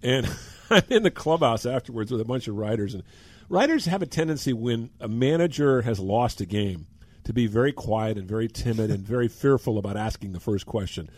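An older man hosts a casual sports talk show, spinning animated stories about the game. His voice sits at an ordinary pitch and sounds close and dry, with no room around it. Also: brisk, dry recording. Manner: storytelling, animated in anecdotes. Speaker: sports radio host and former reporter.

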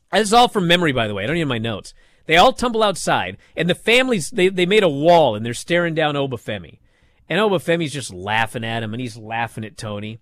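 Animated man recapping wrestling. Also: on the high side, dry recording. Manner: animated storytelling, swings from hushed to shouting. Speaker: wrestling podcast host. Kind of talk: casual show recap.

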